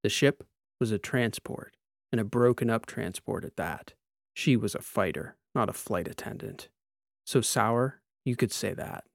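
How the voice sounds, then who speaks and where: Brief: man narrating fiction, measured pace, gravelly tone, dry close sound. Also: lowish voice, dry recording. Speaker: audiobook narrator. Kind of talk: scripted narration.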